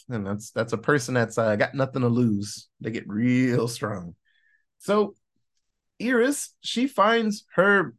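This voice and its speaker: A man hosting a film podcast, casually retelling a movie's plot and acting out the characters' lines in quick voices. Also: on the high side. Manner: swears freely. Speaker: podcast host reviewing a film.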